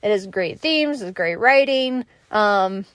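A woman's voice: medium pitch, lively intonation, slow pace, a bit bright, no echo. A woman host talking casually about a show, rambling with many fillers and restarts. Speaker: podcast host. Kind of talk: casual review monologue.

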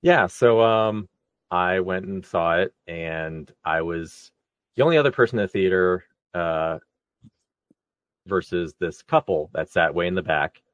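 Laid-back man with a very deep voice. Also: lively intonation, unhurried, no room sound, muffled recording. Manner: laid-back, laughs while telling a story. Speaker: podcast co-host. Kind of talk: casual storytelling chat.

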